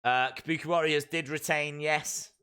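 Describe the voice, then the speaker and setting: Calling out every move on a live watch-along stream he hosts, a man reacts with excitement as things happen. He has a high, bright, sharp voice with a clean tone and talks at normal speed.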